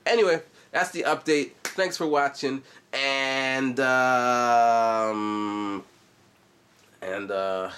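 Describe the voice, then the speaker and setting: In a loose, casual vlog chat, a man in his forties who makes music and vlogs wanders off into asides. He talks slowly in a mid-range voice with a bit of brightness.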